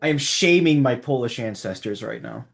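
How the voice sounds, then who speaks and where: A woman's voice: a bass voice, expressive, normal speed, vocal fry. A woman player chatting casually at a tabletop game, giggly and self-deprecating.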